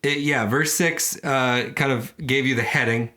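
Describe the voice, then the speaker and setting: A man's voice: medium pitch, steady tone, unhurried, pushed and bright. A man co-hosting a podcast, chatting casually about scripture with rambling jokes and playful quoted voices. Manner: rambling, joking asides, jumps into silly quoted voices. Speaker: podcast co-host. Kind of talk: casual comedic Bible discussion.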